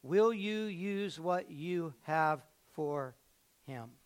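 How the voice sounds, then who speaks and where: A man preaching a sermon as pastor, telling stories and repeating phrases, swinging between loud and hushed. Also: fairly high pitch, expressive, extremely slow, clear, resonant tone.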